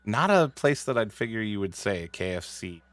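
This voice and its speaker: Lively laughing male host. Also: on the low side, moderate pace, dry recording. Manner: laughs often, brief reactions. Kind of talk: casual chat.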